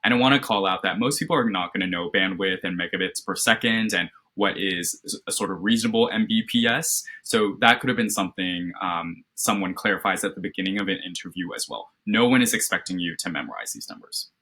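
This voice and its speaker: Over a video call, a man whose voice is slightly low and husky walks a candidate through structured feedback after a mock interview. He sounds bright and encouraging, checks in often with "right?", and speaks briskly with few pauses.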